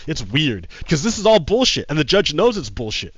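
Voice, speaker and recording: A man's voice: a little high, big pitch swings, a little fast, fairly bright tone, husky, no echo, highs cut off. A man talking casually on a livestream, heated and profane, often repeating himself. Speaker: streamer.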